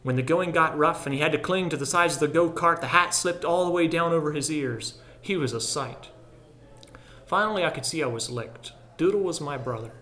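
A man narrating a literary story in a measured, reflective way. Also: on the high side. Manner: measured and reflective, dropping softer at solemn lines. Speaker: audiobook narrator.

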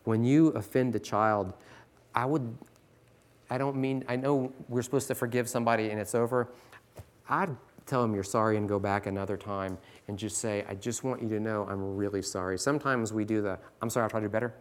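A man's voice: medium pitch, fairly even intonation, brisk. A man in his forties, a teacher, earnestly teaching other teachers with scripture and stories. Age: 40s. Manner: earnest, pleading, reads scripture aloud.

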